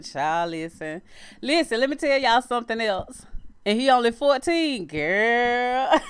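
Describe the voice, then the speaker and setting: Chatty Louisiana woman, smooth higher voice. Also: lively intonation, normal speed. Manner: chatty and warm, laughs often, calls viewers y'all and child. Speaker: livestream host. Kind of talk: casual live-stream chat with viewers.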